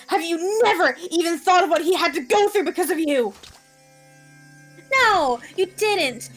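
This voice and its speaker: A woman's voice: very high-pitched, a bit bright, voice pushed up, heavily acted. A woman voicing a cruel young woman who taunts and mocks her captive, with sneering laughter, in a dramatic reading of a visual novel with faint music behind.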